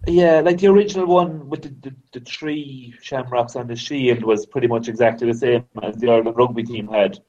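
A man's voice: mid-range voice, a little fast, few pauses. Podcast guest man on a dull line. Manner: relaxed, hesitant, agreeable. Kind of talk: casual podcast chat.

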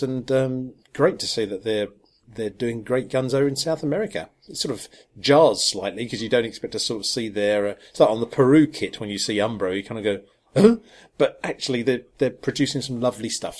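A man co-hosting a casual podcast, talking with lots of ums, restarts and soft chuckles. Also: lowish voice. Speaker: podcast co-host. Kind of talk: casual chat about football kits.

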